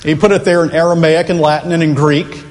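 Earnest preacher in a reverberant hall. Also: male voice, a little high, little pitch movement, a little mellow. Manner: earnest, emphatic, rises and slows for stress. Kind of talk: sermon. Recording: long reverb of a large hall.

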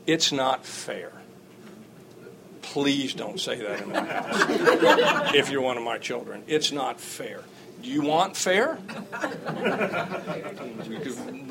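Middle-aged man, folksy class teacher, rambling with lots of fillers, wry and emphatic, faint noise behind. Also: fairly high pitch. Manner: chuckles often and turns wry and emphatic. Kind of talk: informal teaching talk to a class.

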